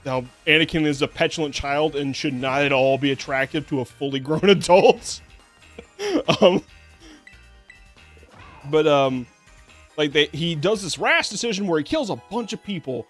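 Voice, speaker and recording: Guy streaming a game, kinda high voice, rambly with lots of ums, sarcastic, faint music under it. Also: normal speed, long pauses. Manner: rambling, lots of fillers and restarts; swears casually, sarcastic. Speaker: VTuber streamer. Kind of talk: casual gameplay commentary.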